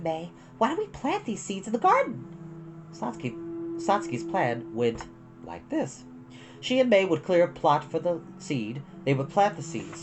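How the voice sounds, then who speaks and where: A woman reading a novel aloud with expressive storytelling. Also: extremely low pitch.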